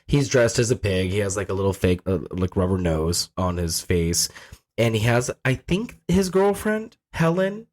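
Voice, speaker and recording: A man's voice: on the low side, normal speed. A man co-hosting a podcast, casually recapping a film with frequent swearing and laughter. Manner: swears freely, laughs often, lively storytelling. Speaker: podcast co-host.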